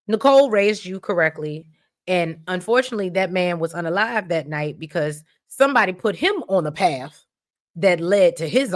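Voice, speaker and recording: A woman hosting a casual soap opera recap, talking to viewers as y'all, getting emotional and exclaiming as she retells scenes. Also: fairly low pitch. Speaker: recap host.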